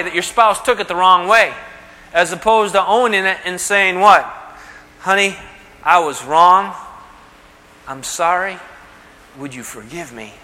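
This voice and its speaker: A man preaches in a conversational way, often pausing for rhetorical questions. His voice sits high and sounds bright and forceful. A long reverb trails behind him, as if he is in a large hall. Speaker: pastor. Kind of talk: sermon.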